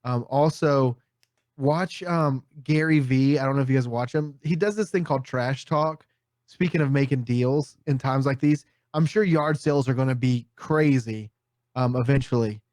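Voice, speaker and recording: A man co-hosting a podcast in casual chat, trading quick banter and laughing asides. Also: medium pitch, darkish tone, no room sound, studio quality. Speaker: podcast co-host. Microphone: studio mic.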